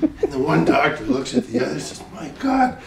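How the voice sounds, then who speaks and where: Animated middle-aged man telling a joke. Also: on the high side, quick pace, creaky, a crowd in the background. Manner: animated storyteller, repeats "he says". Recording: echoey room, recorded from far off.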